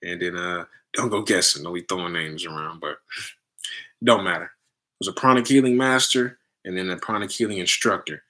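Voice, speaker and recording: A man hosting a casual spiritual talk with his community, animated and preachy, often checking in with "right?" and "family.". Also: deep voice, normal speed. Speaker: livestream host talking to his community.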